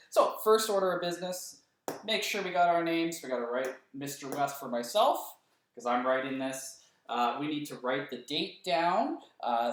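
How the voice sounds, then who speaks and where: Man teaching little kids, echoey room. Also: on the high side. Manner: slow, clear, encouraging, counts and claps along. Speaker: kindergarten teacher. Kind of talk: home-recorded remote lesson for young children. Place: room at home.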